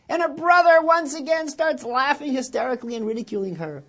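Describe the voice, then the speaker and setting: Animated, husky-voiced rabbi giving a sermon. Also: male voice, brisk. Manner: animated storyteller, loud and high when quoting; quiet and low when drawing the lesson. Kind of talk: Torah portion sermon with storytelling.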